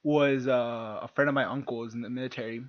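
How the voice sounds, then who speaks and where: A man co-hosting a podcast in casual chat, talking excitably, swearing often and laughing a lot. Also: medium pitch, brisk, dull audio. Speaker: podcast co-host.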